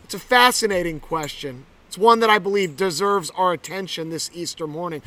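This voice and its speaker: A man's voice: sits high, a little fast, sharp tone, distant mic. A man who is a pastor, giving an earnest, reflective sermon and telling stories.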